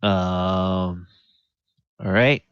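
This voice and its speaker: Man running a tabletop game, low voice, slow drawl, easygoing, dry dull call audio. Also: fairly even intonation, clear, resonant tone, no echo. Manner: easygoing, hesitant, with fillers. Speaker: game master. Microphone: online voice call.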